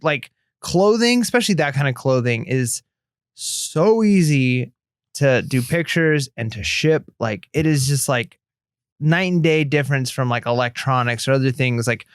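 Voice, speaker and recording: Smooth-voiced male podcast co-host. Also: mid-range voice, moderate pace, dry recording, studio quality. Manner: reads listener messages aloud, encouraging. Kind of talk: casual podcast chat.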